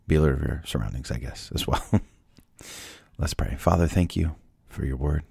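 A man's voice: extremely low pitch, fairly quick, vocal fry, a little mellow, slightly rough, dry recording, studio quality. A man hosting a daily Bible podcast, talking conversationally with rhetorical questions and ending in prayer. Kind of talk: devotional talk and prayer.

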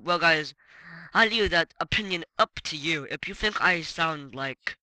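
A man giving casual gameplay commentary as a let's play gamer, excitable and swearing, with frequent exclamations. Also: a little high, dry recording, rough recording.

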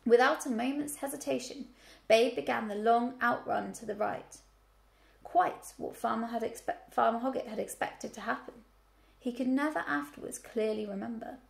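A woman teacher reading a children's book aloud, telling the story clearly and expressively. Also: a little high, moderate pace.

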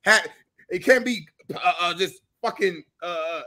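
A man co-hosting a sports podcast, speaking in halting, repeated starts. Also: high-pitched, pushed and bright. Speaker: co-host. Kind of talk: casual podcast debate.

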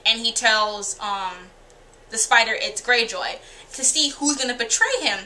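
Brisk, bright-voiced candid woman reviewer. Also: fairly high pitch, animated, slight background noise. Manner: candid, profane, chatty, acts out characters' lines. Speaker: TV show reviewer. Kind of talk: casual spoken episode review.

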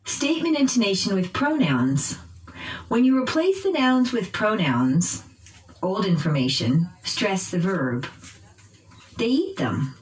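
Slow, lively-pitched woman teacher. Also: rough recording. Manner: slow, deliberate drills with exaggerated stress. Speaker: English pronunciation teacher. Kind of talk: recorded pronunciation lesson.

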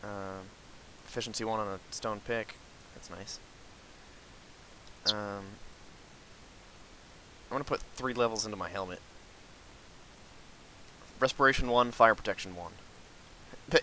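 A young man jokes his way through gameplay commentary, ribbing his friend. His voice is bright and edged, with a faint hiss behind it from a home microphone. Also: fairly low pitch, measured pace, long pauses, low-quality recording. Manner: joking, teasing banter. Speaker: channel host.

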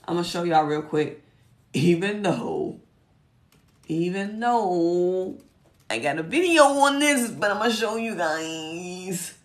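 A woman hosting a casual livestream Q&A. Her voice is hoarse and cracking, and she talks in a folksy, chatty way, muttering to herself as she looks for things. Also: on the low side, lively intonation, moderate pace. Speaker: host answering viewer questions.

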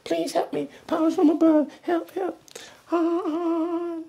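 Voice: extremely high pitch, flat delivery, slow pace, creaky, dark tone, full character voice. A performer playing a sulky little boy who whines and complains about his chores in a comedic skit. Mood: panicked. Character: grumpy little boy stuck doing chores.

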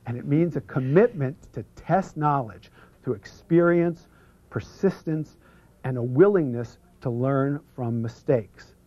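A man presenting an instructional seminar, energetically drawing out foreign terms for the audience to repeat and sometimes dropping to a hush. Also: medium pitch, unhurried, dry recording. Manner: drops to a hush for some passages. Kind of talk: instructional seminar talk leading audience repetition. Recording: muffled lo-fi video recording.

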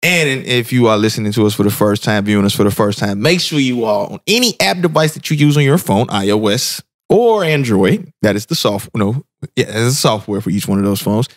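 A man's voice: lowish voice, animated, brisk, few pauses. A young man hosting a casual podcast, loose and joking, swearing freely as he talks. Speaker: podcast host.

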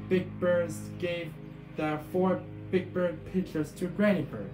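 A man reading a picture book aloud in a steady way, with small slips. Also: high-pitched, takes it slowly. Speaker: storybook reader. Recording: echoey room with guitar music.

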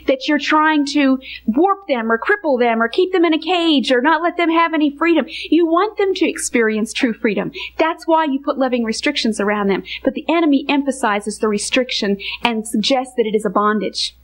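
A woman Bible teacher giving a teaching message to women, earnest and emphatic, slowing down on key phrases. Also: sits high.

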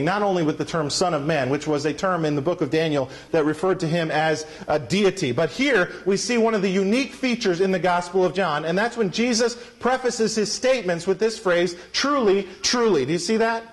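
A man preaches from the pulpit with an emphatic, rising delivery and a notably high voice. He now and then calls on the congregation to answer back. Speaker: pastor. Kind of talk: sermon. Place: church sanctuary.

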